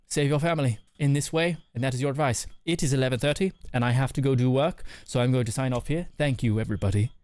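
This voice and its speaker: A man's voice: mid-range voice, darkish tone, no echo. A man hosting a live stream, giving casual advice and reading chat messages aloud with a joking manner. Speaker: streamer host.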